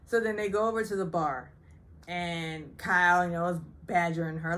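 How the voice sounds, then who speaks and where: A woman's voice: fairly low pitch, steady tone, moderate pace, a bit bright. A woman from the Southern United States recapping a reality show in a chatty, gossipy way with sarcastic asides. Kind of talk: casual recap vlog.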